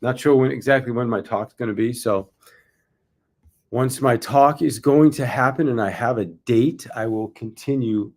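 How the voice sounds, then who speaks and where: Gravelly-voiced man rehearsing a talk. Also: mid-range voice, moderate pace, a little mellow. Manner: restarts lines and comments on own delivery. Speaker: sales coach. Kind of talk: rehearsing a talk, casual livestream.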